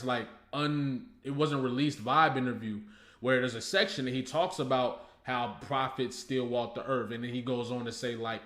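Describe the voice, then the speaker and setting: A man's voice: medium pitch, a bit bright. A man hosting a reaction video, breaking down a rap song in casual, slangy and profane talk, often restarting his sentences and using fillers. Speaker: host reacting to a rap track. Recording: roomy echo, faint music behind.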